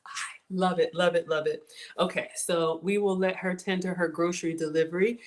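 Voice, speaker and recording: A woman's voice: medium pitch, steady tone, brisk. A woman from Georgia hosting a live cooking stream, cheerful and explaining each step as she goes. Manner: upbeat, laughs often, explains as she cooks. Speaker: cooking show host. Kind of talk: live cooking show chat.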